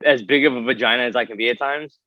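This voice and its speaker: A male co-host in casual podcast chat, trading wisecracks and jokes. His voice sits at a middle pitch. The recording is dry and close, with no room sound. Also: fast talker, bright, forceful tone, dry recording. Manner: joking, wisecracking asides.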